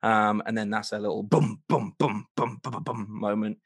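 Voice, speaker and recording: A man's voice: on the low side, steady tone, moderate pace, slightly rough, no echo. A man co-hosting a comedy podcast, playfully retelling a story with rambling asides and sound effects. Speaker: podcast co-host.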